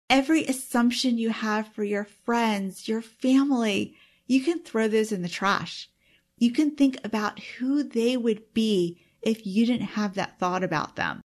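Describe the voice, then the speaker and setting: A woman working as a time management coach and speaking as a parent, giving an earnest, openly emotional self-help talk with frequent exclamations. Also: a little high. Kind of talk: self-help teaching monologue.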